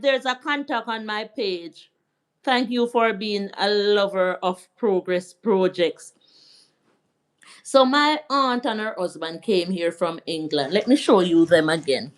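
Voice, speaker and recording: A middle-aged Jamaican woman hosting a live stream, telling a family story and answering viewers' comments. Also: lowish voice. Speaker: livestream host. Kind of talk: casual live chat and storytelling.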